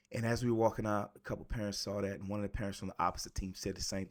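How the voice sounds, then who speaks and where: A man in his late forties tells a personal story with plain earnestness. He circles back and repeats words to press his point, and his voice sits a little low. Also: fairly even intonation, rapid-fire, hardly any pauses. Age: 40s. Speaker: motivational speaker.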